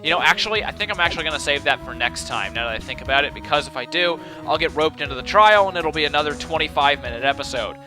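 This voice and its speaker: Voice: mid-range voice, lively intonation, fast talker, hardly any pauses, poor audio. A let's play commentator talking casually and sarcastically over gameplay, sounding exasperated. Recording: game music in background.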